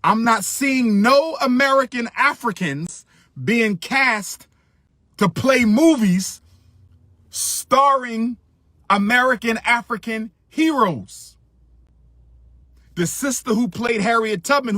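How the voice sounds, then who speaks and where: A man's voice: sits high, bright, forceful tone, no room sound, studio quality. A middle-aged man giving impassioned commentary, emphatic, repeating his phrases for stress.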